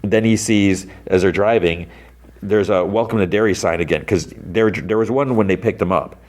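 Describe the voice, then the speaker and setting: Here a podcast host rambles through a casual recap of an episode, his speech full of "like" and "you know." He speaks at normal speed in a low, darkish voice.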